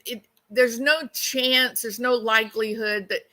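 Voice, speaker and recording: Bright-voiced woman speculating bluntly. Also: on the high side, fairly even intonation, unhurried. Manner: blunt, conversational, rhetorical questions. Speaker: true-crime channel host. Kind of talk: casual speculative commentary.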